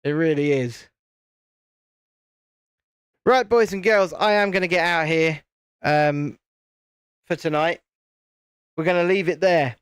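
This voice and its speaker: A man hosts a relaxed live stream and chats while he builds. He rambles, restarts his sentences and wanders off topic. His voice sits a little high for a man and sounds dry and close, with no room echo. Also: measured pace, long pauses, clear, resonant tone. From United Kingdom. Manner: rambling, self-interrupting, chatty. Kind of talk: casual chat while building a set.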